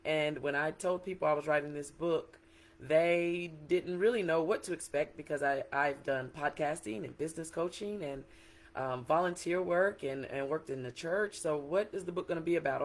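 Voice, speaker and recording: A chatty, excited woman talks to viewers in a casual livestream. She is middle-aged and speaks as an author, greeting people by name as they join. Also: deep voice, moderate pace. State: a little emotional. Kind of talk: casual livestream book talk.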